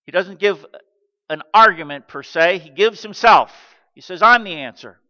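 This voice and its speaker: A man in his sixties preaching a sermon, animated and acting out the quotes he tells. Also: sits high, normal speed. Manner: animated, acts out quotes in character. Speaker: pastor. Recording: dull recording with long hall reverb.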